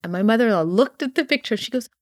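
A woman's voice: fairly high pitch, animated, very fast, no echo, studio quality. A woman author talking animatedly in an interview, full of "you know" and "like", acting out quotes as she tells stories. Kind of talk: casual interview chat.

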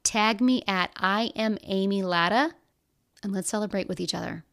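An energetic woman hosts her own coaching podcast, speaking in an emphatic, encouraging voice. She addresses the listener directly, pushing them to act. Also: mid-range voice, normal speed, vocal fry. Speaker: podcast host and business coach. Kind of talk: motivational podcast monologue.

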